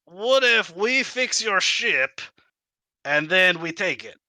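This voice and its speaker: A man's voice: high voice, expressive, slow, bright, forceful tone, no echo, studio quality, pitched above the performer's own voice, full character voice. A man voicing a small scheming male kobold with a French accent, eagerly bargaining. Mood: wheedling.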